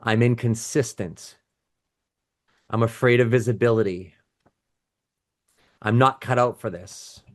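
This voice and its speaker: A middle-aged man coaching a live webinar over a video call, his voice sitting at an ordinary middle pitch. He talks in a loose, conversational way, restarting sentences and reading chat comments aloud to his audience. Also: unhurried, long pauses. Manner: casual and conversational, with restarts and asides. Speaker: business coach.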